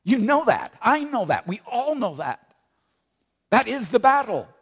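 A man's voice: very high voice, very animated, measured pace, breathy edge, big-room sound. A man preaching a sermon, repeating key phrases with emphatic weight. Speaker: pastor.

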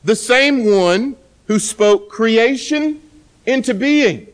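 A man preaching a sermon in a loud, emphatic voice, often repeating words and pausing for effect. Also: very high-pitched, expressive. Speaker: pastor.

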